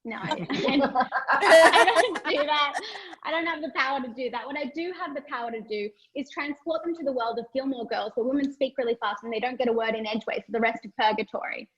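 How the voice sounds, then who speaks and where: High-voiced Australian woman doing stand-up. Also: fast talker, fairly bright tone. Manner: self-mocking, playful, laughs between jokes. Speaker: stand-up comedian. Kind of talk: stand-up set. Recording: dull lo-fi stage recording.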